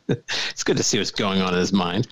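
A man's voice: low voice, measured pace, a loud crowd. A man co-hosting a podcast in casual chat, laughing easily and tossing out jokes and rhetorical questions. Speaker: podcast co-host.

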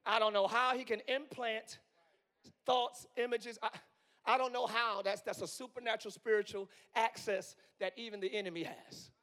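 High-voiced hoarse preaching man. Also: steady tone, normal speed. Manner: swings from quiet musing to yelling. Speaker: pastor. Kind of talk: live sermon. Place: church sanctuary.

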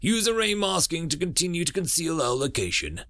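A man's voice: fairly high pitch, sing-song, brisk, a bit bright, dry recording, clean studio sound, pitched above the performer's own voice. A man voicing a stern, commanding male digital war-being who speaks with a cold, hard edge and snarls.

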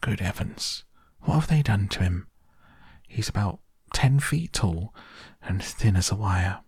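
A man voicing an excitable old grandfather who speaks in startled exclamations. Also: on the low side, a little slow, husky, dry recording, studio quality, heavily acted.

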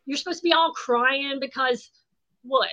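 A woman guest telling stories in a blunt, animated, profane way in casual chat. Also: high-pitched, normal speed. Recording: dull lo-fi sound.

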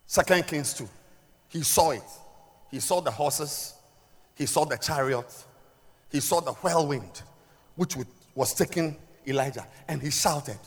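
A woman's voice: a little slow, long pauses. Woman preaching in an echoey hall. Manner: swings between loud shouted emphasis and quiet, low asides. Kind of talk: sermon. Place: large church hall. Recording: echoey hall with long reverb.

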